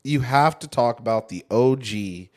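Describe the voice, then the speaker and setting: A man's voice: medium pitch, measured pace. Rambling man in his thirties. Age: 30s. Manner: loose, rambling, swears freely; lots of fillers and restarts. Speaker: podcast co-host. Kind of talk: casual chat.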